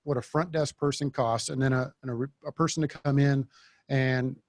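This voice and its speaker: A man hosting a podcast interview, talking bluntly and casually and thinking out loud. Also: mid-range voice, steady tone, moderate pace, no echo. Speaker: podcast host.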